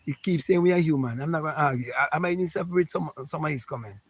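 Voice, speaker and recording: A man's voice: fairly high pitch, rapid-fire, breathy edge, dry recording. A man hosting a spiritual talk, reading viewer comments and answering them in an emphatic, repetitive, preachy way.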